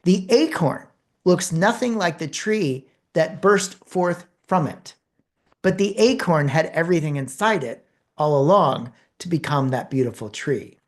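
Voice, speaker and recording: In a low-pitched voice, a woman who trains others in communication and public speaking lectures a course through animated stories and pointed pauses.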